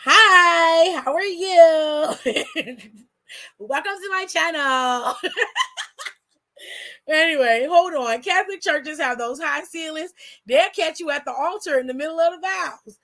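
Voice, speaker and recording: High-voiced woman hosting her stream, loud and blunt, swears a lot, reads out chat. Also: moderate pace. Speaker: channel host. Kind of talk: casual livestream chat.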